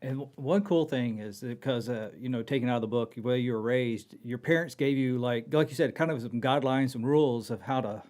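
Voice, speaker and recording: A man's voice: medium pitch, fairly quick, few pauses, darkish tone. A male host with a mid-range voice who asks loose, rambling interview questions that are full of fillers. He talks casually and circles around his point before he gets to it.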